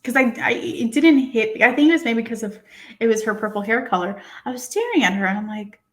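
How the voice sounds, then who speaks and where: A woman's voice: a little high, brisk. Chatty young woman hosting a podcast. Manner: chatty, excitable, laughs often. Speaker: podcast host. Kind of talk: casual chat.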